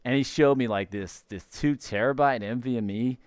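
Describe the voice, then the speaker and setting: A man's voice: medium pitch, moderate pace, noisy background, lightly acted. A man voicing a laid-back young Californian stoner in a put-on accent, drawling and saying "dude" constantly.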